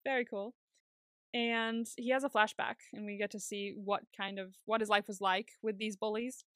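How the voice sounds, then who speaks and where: A woman co-hosting a casual TV recap podcast, chatty and quick to swear and laugh. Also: mid-range voice, flat delivery, a bit bright, no echo, studio quality. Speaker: podcast co-host.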